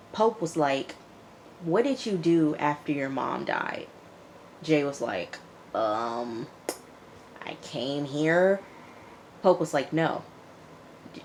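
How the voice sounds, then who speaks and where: A woman casually recapping a TV episode, chatty and animated, acting out the characters' lines as she tells it. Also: sits low, slight background noise. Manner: chatty, animated retelling with quoted dialogue. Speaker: TV show reviewer.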